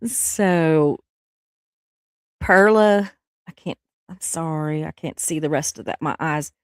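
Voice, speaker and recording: A woman's voice: sits low, slow pace, clean tone, dry recording, clean studio sound. A middle-aged woman, sick with the flu, hosting a casual livestream chat, rambling and laughing often as she reads viewer comments. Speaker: livestream host.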